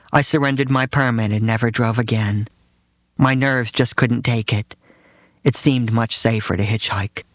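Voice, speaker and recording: A man's voice: medium pitch, no room sound. A man narrating his own first-person memoir in a dry, matter-of-fact way.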